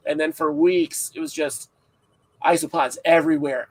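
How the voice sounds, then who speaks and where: A man's voice: on the high side, moderate pace, low-quality recording. A man hosting a casual livestream podcast, rambling and joking with frequent laughs, sounding tired. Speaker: podcast host.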